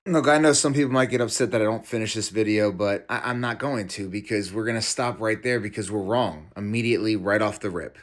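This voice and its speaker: A man hosting a Christian reaction video argues emphatically and reads scripture aloud, blending reaction commentary with Bible teaching. His voice is fairly low, and he talks a little fast with hardly any pauses.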